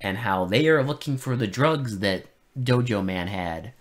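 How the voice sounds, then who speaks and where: A man's voice: on the low side, unhurried. Sarcastic, profane podcast co-host, male. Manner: sarcastic, profane, deadpan irony. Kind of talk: casual film review chat.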